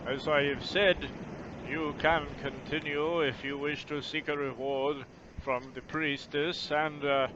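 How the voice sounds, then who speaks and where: Gruff guard captain, a man putting on a rough, hard-to-place accent, formal and wary, on a muffled lo-fi track. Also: fairly high pitch, measured pace, lightly acted. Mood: courteous. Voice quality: put-on rough foreign accent, unsure whether Scottish or Austrian. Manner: formal, courteous village guard speech. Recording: muffled lo-fi recording with steady background noise.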